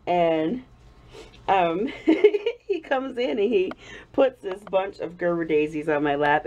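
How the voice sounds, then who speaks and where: A woman in her thirties chats through a personal story while she works in her kitchen, laughing often and gushing as she goes. Her voice sits fairly low, and she is still getting over an illness. The recording sounds a little dull and lo-fi. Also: a little mellow, slight background noise. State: recovering from illness. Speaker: soap-making vlogger. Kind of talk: casual storytelling vlog.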